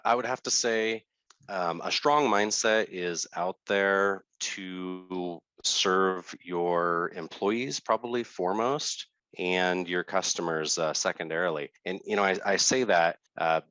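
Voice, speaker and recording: A man's voice: sits low, fairly bright tone, no room sound. A man who founded and runs a company, answering interview questions in a hesitant way with many fillers and restarts.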